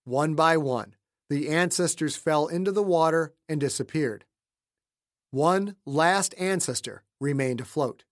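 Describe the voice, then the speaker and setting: A man narrates a thriller audiobook with dramatic delivery. His voice sits a bit high, and he shifts between hushed and shouted lines. The close studio recording is dry. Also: measured pace, dry recording. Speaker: author and narrator.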